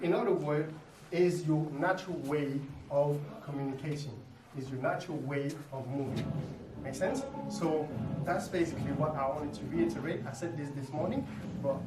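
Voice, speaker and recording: A man teaching a dance lesson, explaining ideas simply and ending his points with quick tag questions. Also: on the high side, noisy background. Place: dance studio. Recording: echoey room, mic far off. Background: music playing.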